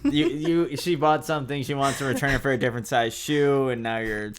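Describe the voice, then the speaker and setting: A man's voice: medium pitch, a little fast, smooth. A man co-hosting a podcast in casual chat, mostly giving short replies and getting worked up at times. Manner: relaxed listener, short backchannels, gets worked up. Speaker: podcast co-host.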